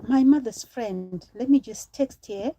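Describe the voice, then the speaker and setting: A woman's voice: on the high side, a little slow, warm tone, poor audio. A woman from Zimbabwe in her thirties, chatting on a live stream, telling a personal story to viewers and breaking off to thank supporters.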